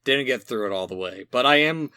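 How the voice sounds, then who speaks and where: A young man co-hosting a podcast in casual chat, relaxed and quick to laugh. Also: medium pitch, clear, resonant tone, no room sound. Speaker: podcast co-host.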